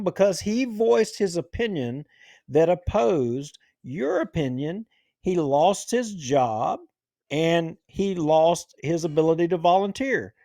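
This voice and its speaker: A man's voice: high-pitched, dark tone, no echo. A man hosting a talk show, giving heated, indignant political commentary. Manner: ranting, indignant.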